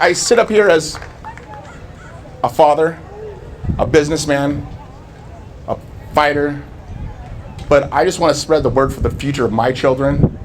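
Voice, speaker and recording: A man's voice: a little high, noisy background. A man in his forties from Southern California, telling his life story to a live audience with earnest storytelling and acting out remembered dialogue. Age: 40s. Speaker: public speaker.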